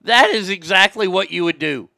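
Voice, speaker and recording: Gravelly, crisp-voiced man ranting bluntly. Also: high voice, lively intonation, moderate pace, pushed and bright, no room sound, clean studio sound. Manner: blunt, profane ranting with frequent restarts. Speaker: show host. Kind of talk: casual opinionated talk show.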